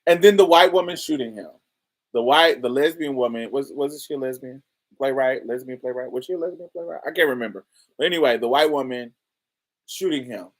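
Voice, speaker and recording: A woman's voice: a bass voice, brisk. A woman podcast host giving casual review commentary, talking in slang with exasperated asides.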